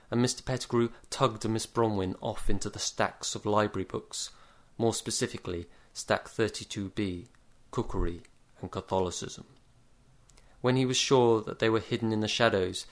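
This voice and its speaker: Low-voiced man reading a story deadpan. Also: moderate pace. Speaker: narrator.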